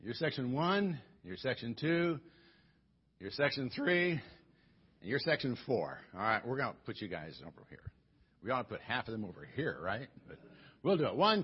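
A man's voice: medium pitch, husky, muffled recording. A male pastor giving a sermon in a church, coaxing the congregation into singing with a chatty, joking manner. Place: church sanctuary.

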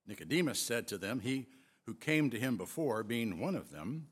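A man preaching a sermon, retelling scripture with expressive, emphatic storytelling. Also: mid-range voice, normal speed, slightly rough. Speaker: pastor.

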